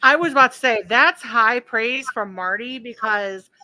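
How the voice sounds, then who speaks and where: Chatty woman hosting a podcast, super bright tone, excited about her guest. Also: a little high, no room sound, low-quality recording. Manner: enthusiastic, chatty, quick to laugh. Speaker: podcast host. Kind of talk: casual chat.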